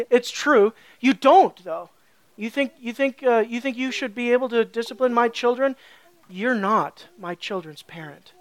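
A pastor preaching a sermon with an emphatic, questioning style. The delivery drops to hushed tones and then rises to forceful ones. The sound is dry and close, with a voice of middling pitch. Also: dry recording.

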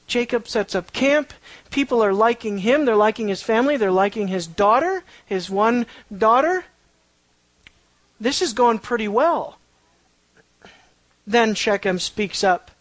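A preacher delivering an expository sermon, recorded close and dry with almost no room sound. The voice rises and drops sharply for emphasis. Key phrases come back again and again, and the listeners are pushed with questions. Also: no echo. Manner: asks the listeners rhetorical questions; pitch and loudness swing widely for emphasis.

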